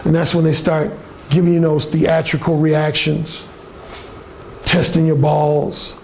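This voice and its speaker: A man's voice: fairly high pitch, monotone, measured pace, gravelly, a little mellow, a little hiss or hum. A man giving a workshop presentation in a blunt, emphatic way. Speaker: workshop speaker. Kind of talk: seminar presentation. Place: conference room.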